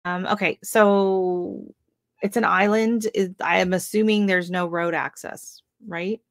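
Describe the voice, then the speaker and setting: A woman's voice: fairly low pitch, fairly even intonation, a little slow, no echo. Woman from Oregon, gardening stream host, casual and chatty, exclaims a lot; dry close-mic sound. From Oregon, US West Coast. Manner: chatty, lots of ums and restarts, exclaims often. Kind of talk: casual live-stream chat reading viewer comments.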